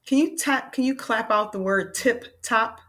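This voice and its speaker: A woman teacher giving a lesson to young learners, patient and encouraging, calling them friends and slowing down to spell out sounds. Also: on the high side, fairly bright tone.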